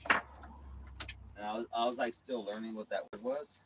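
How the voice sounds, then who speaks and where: A man's voice: fairly low pitch, fairly even intonation, moderate pace, pauses often, sharp tone, slight background noise. A middle-aged man hosting a livestream, telling rambling, profane stories full of acted-out quotes in a casual chat style. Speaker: livestream host.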